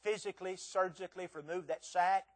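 A man in his sixties delivers a sermon in a high voice, pleading earnestly with the congregation. He often stammers and doubles his words as he presses his point. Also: fairly even intonation, quick pace. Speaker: visiting preacher.

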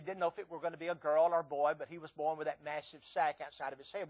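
A man's voice: a little high, fairly even intonation, fast, hardly any pauses, darkish tone. A man in his sixties preaching a sermon as a visiting preacher, earnest and pleading, often stammering and repeating his words.

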